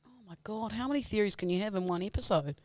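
A woman's voice: medium pitch, quick pace, no echo. A young woman co-hosting a podcast, trading blunt, teasing banter full of swearing. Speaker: podcast co-host. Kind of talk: casual chat.

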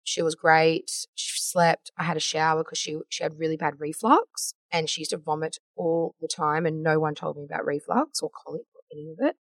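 A woman's voice: sits low, steady tone, a little fast, hardly any pauses, dry recording. A woman in her thirties hosting a podcast interview, talking candidly and with emotion, rambling and quoting her own past thoughts. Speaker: podcast host.

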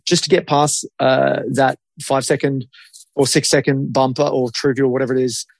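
A man's voice: mid-range voice, steady tone, normal speed, creaky, no echo. A man, co-hosting a podcast as a marketing creative in casual chat, blunt and opinionated and swearing freely.

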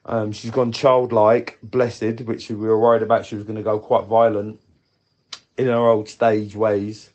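A man's voice: on the low side, level tone, measured pace, a little mellow, lo-fi sound. A man leaving a rambling, candid voice message for a podcast, swearing casually as he talks. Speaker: listener leaving a voice note.

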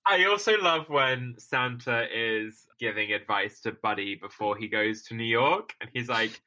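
A man co-hosting a casual chat, animated and laughing often as he recalls favorite film lines. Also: medium pitch, unhurried, few pauses, rough recording. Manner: animated, laughing, quotes lines in playful voices. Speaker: podcast co-host.

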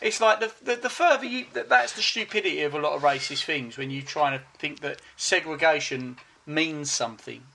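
A man from Basildon with an Essex accent, talking bluntly and swearing freely in a quick, rambling casual chat. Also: on the high side, creaky, sharp tone, a little hiss or hum. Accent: Essex English. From Basildon, England.

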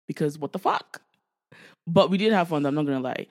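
Woman, 20s, from Canada, podcast co-host; a lively, profane storyteller who acts out her family. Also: sits low, a little fast. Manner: animated storytelling, swearing freely, acting out quoted family members. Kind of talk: casual chat.

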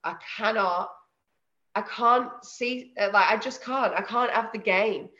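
A woman chatting casually as an interview guest, animated, laughing often and swearing freely. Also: on the high side, a little slow, highs cut off. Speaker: evicted reality show contestant, guest.

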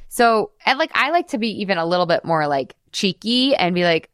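A woman's voice: lowish voice, animated, a little fast, hardly any pauses, dry recording, clean studio sound. A woman hosting a casual podcast monologue as a weight loss coach, chatty and giggly, casually swearing and saying "like" a lot.

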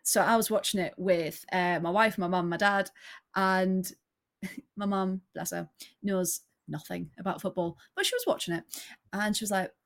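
A woman co-hosting a casual sports podcast, excitable and quick to laugh. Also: mid-range voice. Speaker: podcast co-host.

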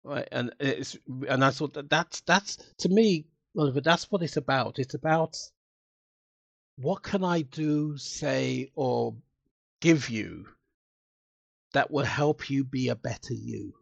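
A man as a guest in a casual interview, telling stories in an animated, emotional way and acting out what people said. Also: medium pitch, takes it slowly, gravelly, no echo. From United Kingdom. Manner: animated, emotional storytelling with acted-out quotes.

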